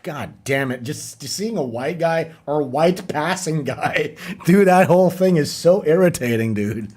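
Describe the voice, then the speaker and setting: A man's voice: a little high, animated, measured pace, darkish tone, slightly rough. A young man hosting a casual livestream chat, ranting and mocking with a lot of profanity. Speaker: livestream host.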